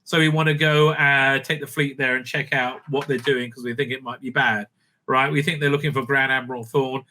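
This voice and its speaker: A man's voice: medium pitch, steady tone, a little fast, pushed and bright. A man hosting a casual spoken review, sarcastic and crude, with many hesitant fillers. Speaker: show host, reviewer.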